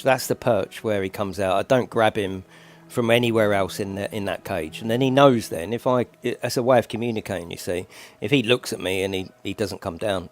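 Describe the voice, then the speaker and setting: A man chatting casually on a live stream from his desk at home, rambling and chatty. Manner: rambling, chatty, breaks into high coo when talking to his pet bird. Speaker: gaming YouTuber. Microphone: desk microphone.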